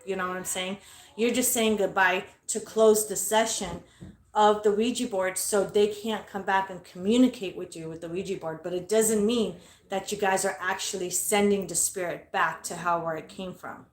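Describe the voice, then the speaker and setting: A woman's voice: medium pitch, fairly even intonation, normal speed, reverberant. A woman telling a ghost story from her bedroom at home in a casual, blunt way, swearing constantly. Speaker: paranormal investigator vlogger.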